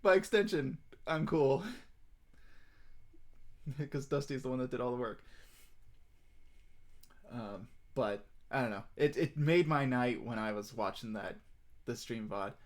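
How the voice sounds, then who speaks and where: A man talking on his stream in a loose, rambling way, full of fillers and restarts. His voice sits at an ordinary middle pitch. Now and then it jumps up high with glee. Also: measured pace, long pauses. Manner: rambling, excitable, many fillers. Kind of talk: casual stream chat.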